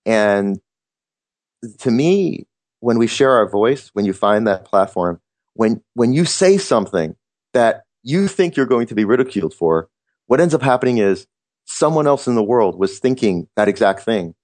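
A man's voice: fairly low pitch, lively intonation, normal speed, darkish tone, no room sound. A man hosting a motivational podcast, talking earnestly and reflectively, often restarting his sentences. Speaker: podcast host.

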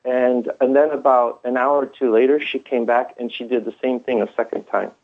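A man's voice: medium pitch, fairly even intonation, normal speed. A man telling his story in a rambling way, with many fillers and restarts, heard through a phone line. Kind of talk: first-person storytelling.

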